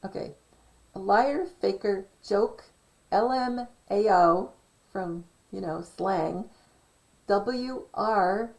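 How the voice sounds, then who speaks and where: Woman vlogger, slow and gravelly, digressive, keeps correcting herself mid-thought. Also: mid-range voice, a little mellow, poor audio. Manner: self-correcting, digressive, reads from notes. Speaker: conspiracy vlogger. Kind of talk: casual rambling commentary.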